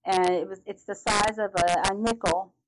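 Brief: middle-aged woman guest, mid-range voice, animated storytelling full of restarts, noisy recording. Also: medium pitch. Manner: animated, halting with restarts and acted-out reactions. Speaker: podcast guest. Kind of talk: personal storytelling. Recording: noticeable background noise.

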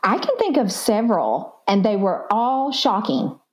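Southern woman telling lively stories. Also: medium pitch, measured pace. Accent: Southern American. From Southern United States. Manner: animated storyteller who acts out quotes. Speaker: psychotherapist guest. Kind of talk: casual podcast conversation.

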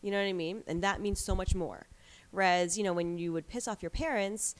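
A woman's voice: medium pitch, brisk. A woman in her thirties in a casual chat as a guest, telling stories with lots of likes and you-knows. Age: 30s. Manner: chatty storyteller, many likes and you-knows.

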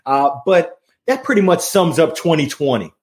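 A man talking as a guest in a casual conversation, energetic and passionate, joking and laughing, on a remote video call. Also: a little high, moderate pace.

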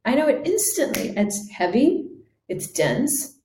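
A woman's voice: sits high, big pitch swings, a little slow, warm tone, a little hiss or hum. Earnest woman in an echoey room. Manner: earnest, reflective, acts out quoted dialogue. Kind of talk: casual conversation.

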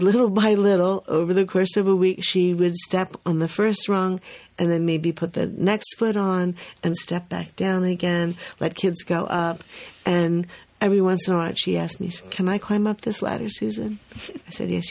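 A woman co-hosting a podcast about early childhood, telling a story in a casual, animated way and laughing often. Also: medium pitch.

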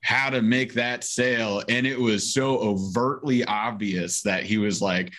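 A young man with a lowish voice tells a story to his podcast co-host. He is animated and acts out the people he quotes. His delivery is loose and conversational. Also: measured pace. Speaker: podcast co-host, sales trainer. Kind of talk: casual storytelling.

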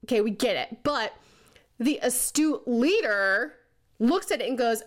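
Leadership coach, woman, casual talk, fairly high voice, laughs a lot, puts on goofy voices now and then. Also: expressive, measured pace. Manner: chatty, laughs often, puts on silly voices for people she mocks; says "okay?" and "right?" a lot.

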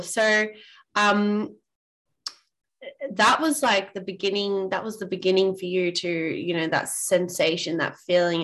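A woman's voice: medium pitch, a bit bright. A woman hosting a casual interview, who reflects on and affirms what her guest says. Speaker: podcast host.

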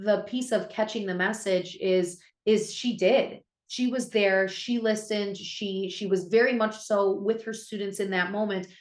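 A young woman speaks as a podcast co-host in an earnest, heartfelt voice at a middle pitch, often catching herself and restarting her sentences. Her voice rings with a roomy echo. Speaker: abuse prevention educator and co-host. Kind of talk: conversational podcast storytelling.

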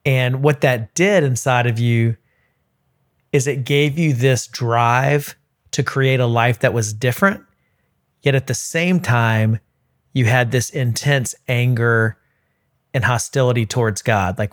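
A male podcast host calmly summing up his guest's story before asking a question. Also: mid-range voice, slow. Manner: calm, summarizing the guest's story back to him. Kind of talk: interview recap.

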